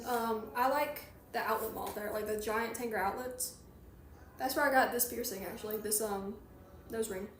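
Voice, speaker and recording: A woman's voice: fairly high pitch, a little hiss or hum. Chatty Southern woman, echoey room. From Georgia, USA. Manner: rambling, chatty, reads and answers chat. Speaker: streamer. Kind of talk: casual chat while crocheting on a livestream.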